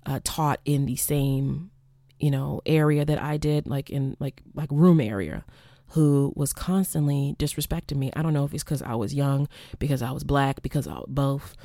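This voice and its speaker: A woman's voice: extremely low pitch, normal speed, no echo, clean studio sound. Candid, profane young woman telling a story. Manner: profane, animated, acts out quoted exchanges. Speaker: podcast host, former college teacher.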